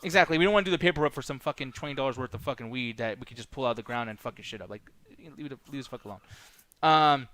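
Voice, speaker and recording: A man's voice: mid-range voice, very fast, a bit bright. A man co-hosting a podcast, chatting casually in a rambling, profane way with lots of fillers. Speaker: podcast co-host. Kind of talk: casual chat.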